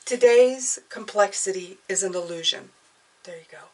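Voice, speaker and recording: A woman giving a casual tarot reading, who bursts into delight over the cards and then drops to a soft murmur as she reads card texts aloud. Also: medium pitch, moderate pace, far from the mic. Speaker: tarot reader.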